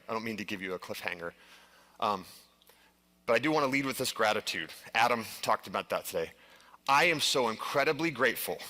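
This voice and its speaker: A man's voice: on the low side, pushed and bright. A middle-aged man speaking earnestly to a live audience, telling a personal story with frequent restarts and filler words. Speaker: conference speaker. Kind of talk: live stage presentation.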